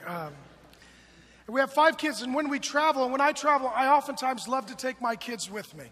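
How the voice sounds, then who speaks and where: A man in his forties preaching a sermon, emphatic and swinging from loud calls to hushed storytelling. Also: very high voice, lively intonation, a little fast, big-room sound. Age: 40s.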